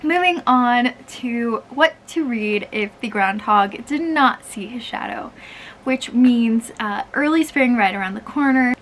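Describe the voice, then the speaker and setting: A woman's voice: on the high side, expressive, measured pace, fairly bright tone, slight background noise. A young woman chatting casually as a book vlogger, gushing, with many fillers. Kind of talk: casual chat.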